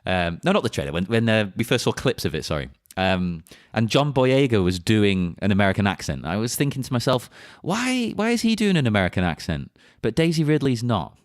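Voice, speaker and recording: A man co-hosting a casual film podcast, animated and laughing often. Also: fairly low pitch, fairly quick, hardly any pauses, dry recording, studio quality. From United Kingdom. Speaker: podcast co-host.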